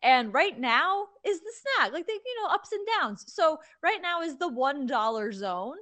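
A young woman from Connecticut with no regional accent, co-hosting a casual sports betting chat in an animated, opinionated way. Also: high-pitched, a little slow. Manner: animated, opinionated, chatty with fillers. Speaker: sports betting podcast co-host.

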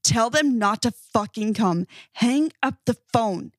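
A woman's voice: on the high side, expressive, slow, dry recording, studio quality. A woman voicing an injured, drunk man who urgently demands things in a story reading. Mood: angry.

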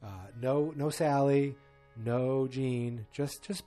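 A man's voice: medium pitch, fairly even intonation, takes it slowly, warm tone, soft background music. A man casually recapping a TV episode in a loose, rambling way with joking asides.

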